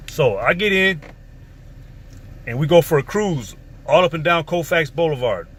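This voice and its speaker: A man's voice: mid-range voice, fairly bright tone. A man casually telling a story from his past, in a profane, streetwise, rambling way. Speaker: vlogger. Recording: faint background noise.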